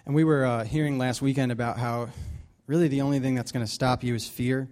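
Warm-voiced man giving a halting sermon. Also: medium pitch, fairly even intonation. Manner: halting, many restarts and fillers. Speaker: Bible study leader. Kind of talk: casual sermon.

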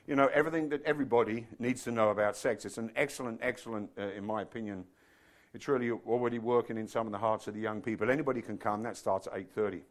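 A man's voice: fairly low pitch, fairly even intonation, fast talker. A middle-aged man from England with an English accent, preaching a chatty, joking sermon to his congregation. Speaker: pastor. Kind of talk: casual sermon.

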